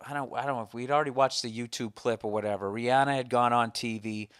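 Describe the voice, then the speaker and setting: A man's voice: mid-range voice, fairly even intonation, quick pace, smooth, no room sound, studio quality. Profane, rambling man telling a comic story. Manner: rambling, profane, self-mocking. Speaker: podcast host. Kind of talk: casual comedic storytelling.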